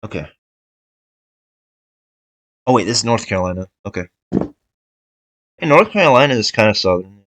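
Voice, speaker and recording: A man's voice: fairly low pitch, big pitch swings, normal speed, pauses often, a bit bright, a little hiss or hum, low-quality recording. A young man giving casual tier-list commentary, thinking aloud with fillers and restarts. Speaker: video creator ranking states.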